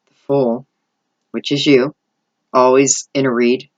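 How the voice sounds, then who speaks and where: A woman's voice: extremely low pitch, little pitch movement, slow, highs cut off. A middle-aged woman giving an intuitive tarot reading, rambling and thinking aloud as she goes. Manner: rambling, thinking aloud, lots of "I feel like" asides. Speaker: tarot reader.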